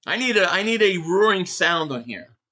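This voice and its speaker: A man's voice: high-pitched, big pitch swings, normal speed, sharp tone. A man hosting a live sports reaction stream, trash-talking and sarcastic as he chats with viewers.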